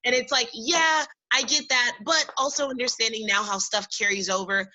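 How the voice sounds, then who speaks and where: A woman's voice: fairly high pitch, normal speed, sharp tone, rough recording. A woman co-hosting a podcast in casual chat, making emphatic points that she stretches out as she reflects. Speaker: podcast co-host.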